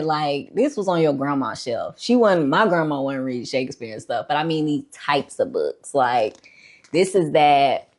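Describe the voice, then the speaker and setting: Low-voiced, slow-talking woman vlogger. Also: a little mellow. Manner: laid-back, chatty, many fillers like "like" and "um". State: a bit out of breath. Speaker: book collection vlogger. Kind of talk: casual show-and-tell chat.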